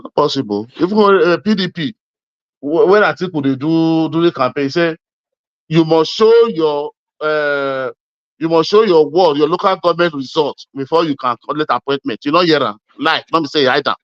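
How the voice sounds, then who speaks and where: A man's voice: on the high side, moderate pace, no room sound, highs cut off. A man from Edo State speaking Nigerian Pidgin, arguing politics insistently and repeating his points, calling the listener "my brother". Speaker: interviewee. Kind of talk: heated political argument.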